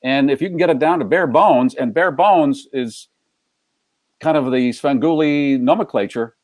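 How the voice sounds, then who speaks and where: A man's voice: medium pitch, moderate pace, a little mellow, dry recording. Playful older man hosting, dry sound. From United States. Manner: joking, playful, riffs with puns. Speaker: talk show host. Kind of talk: casual interview chat.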